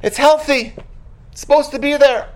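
A religious teacher giving an animated Torah lecture, acting out quotes and sound effects and asking rhetorical questions. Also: high-pitched, moderate pace.

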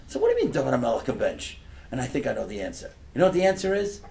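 An older man giving a sermon through stories, swinging from hushed storytelling to loud, impassioned preaching. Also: high-pitched, wildly swooping pitch, very fast, creaky, slight background noise.

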